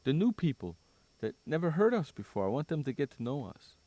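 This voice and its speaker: A man's voice: a little high, very animated, fairly quick, dark tone, dry recording. A man hosting a sports radio show in casual chat, teasing his co-host, joking and repeating himself. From San Diego.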